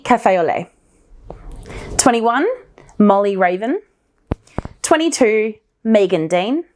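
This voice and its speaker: A woman hosting a knitting podcast, talking in a casual, gushing, excitable show-and-tell style. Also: mid-range voice.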